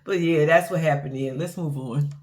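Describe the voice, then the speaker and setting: A woman's voice: low voice, moderate pace, a little mellow. A young adult woman giving a casual reality-show recap, blunt, profane and sassy, acting out what people said.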